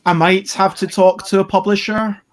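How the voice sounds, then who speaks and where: Guy chatting at game night, kinda high pitch, hesitant. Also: flat delivery, moderate pace. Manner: plain and hesitant, with many ums. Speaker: game designer and player. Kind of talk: casual game chat.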